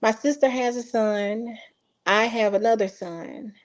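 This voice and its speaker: A Texas mother being interviewed talks at a measured pace in a fairly high voice. Her casual retelling of a personal story includes quoted dialogue that she acts out emotionally.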